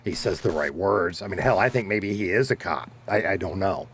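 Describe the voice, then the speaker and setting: A man with a Southern American drawl and a lowish voice, talking in a relaxed, rambling way to his viewers. He swears casually and keeps things chill, with faint music under him. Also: moderate pace. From Southern United States. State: dehydrated. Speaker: streamer. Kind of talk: casual chat with stream chat.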